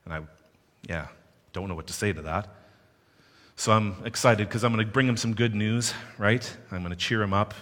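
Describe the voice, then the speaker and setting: A man's voice: on the low side, moderate pace, long pauses. A man from Canada telling a personal story with playful asides to his listeners. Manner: animated, playful asides to the audience. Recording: long hall reverb.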